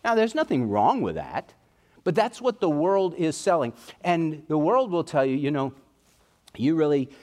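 A man's voice: on the high side, sing-song, normal speed, a little mellow. A middle-aged man preaching a sermon in a folksy, conversational way, telling personal stories.

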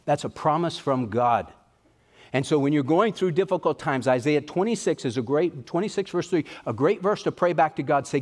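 A man's voice: on the high side, moderate pace. A male pastor with an East Texas accent preaching a sermon, earnest and pleading, with rising and falling emphasis.

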